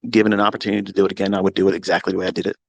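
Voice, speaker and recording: A middle-aged man hosting a live audio chat as a trading mentor, talking unscripted from his home basement in a profane, combative way that swings into loud tirades. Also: deep voice, little pitch movement, very fast, creaky, no echo.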